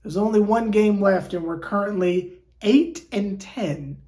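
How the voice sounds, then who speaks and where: A woman's voice: mid-range voice, measured pace, dark tone, echoey room. A woman sports fan vlogger ranting in an exasperated, theatrical way, with lots of rhetorical questions. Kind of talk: fan reaction rant.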